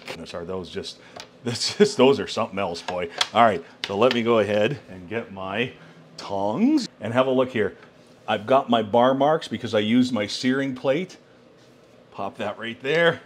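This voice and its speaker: A man hosting a cooking vlog, demonstrating a kitchen appliance at home with excited exclamations and frequent laughs. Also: lowish voice, a little slow, noisy background. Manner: enthusiastic, exclamatory, laughing often. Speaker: cooking channel host. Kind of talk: product demo cooking vlog.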